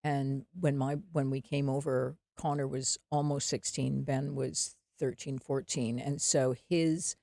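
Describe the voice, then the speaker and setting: A woman's voice: extremely low pitch, steady tone, unhurried, vocal fry, hardly any pauses, warm tone, dry recording, clean studio sound. A middle-aged Canadian woman co-hosting a podcast, laughing often and restarting her sentences. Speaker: podcast co-host. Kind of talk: casual chat.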